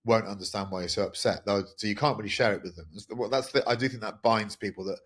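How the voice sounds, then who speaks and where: A middle-aged Englishman with a lowish voice talks fast as he hosts a podcast. In a casual monologue, he tells a personal story in a candid, rambling, wry way.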